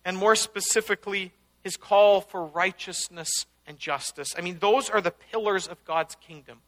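A man's voice: sits high, moderate pace, fairly bright tone. A man preaching a conversational sermon, teaching casually and breaking into emphatic outbursts. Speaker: pastor.

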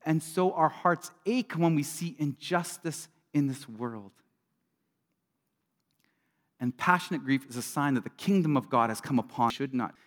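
A middle-aged man gives a sermon in a church sanctuary, his voice sitting slightly high for a man. He preaches earnestly and conversationally, jumping to loud bursts and dropping to near hushes. A long reverb from the big hall trails after his words. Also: lively intonation, measured pace. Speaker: pastor.

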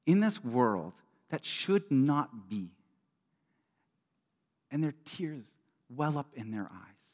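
Man preaching, middle-aged, earnest and conversational, slightly high voice, long hall reverb, sudden loud bursts and hushed drops. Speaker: pastor. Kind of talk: sermon.

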